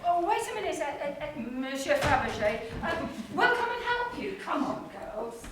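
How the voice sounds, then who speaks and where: Older woman as a high, fluttery, prim old actress, echoey hall heard from afar. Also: very animated, moderate pace. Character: fussy old actress, flustered and scheming. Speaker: stage actor in an amateur play. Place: theatre stage. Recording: echoey hall, far-off mic, noise.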